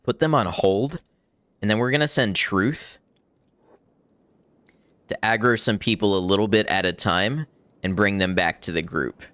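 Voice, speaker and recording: A man's voice: fairly low pitch, a little slow, long pauses, fairly bright tone, smooth, no echo. A man casually commenting on his game as he plays, thinking aloud and chuckling often. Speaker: gaming streamer. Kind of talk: casual let's-play commentary.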